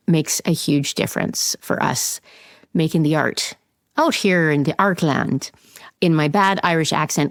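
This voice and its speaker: A woman's voice: fairly low pitch, no echo, clean studio sound. A woman hosting her own podcast, chatting casually with a guest and reading the outro, playful, swearing and laughing often. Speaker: podcast host. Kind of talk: casual interview chat and outro.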